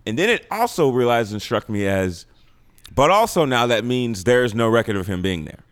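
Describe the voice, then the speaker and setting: A man co-hosting a podcast, laying out his reading of a film in a thoughtful, measured way. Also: medium pitch, expressive, clean tone. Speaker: podcast co-host. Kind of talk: casual movie discussion.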